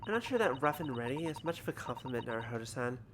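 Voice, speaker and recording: A man's voice: mid-range voice, sing-song, quick pace. A man reading the lines of a polite, formal young woman assistant in a game. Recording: background noise.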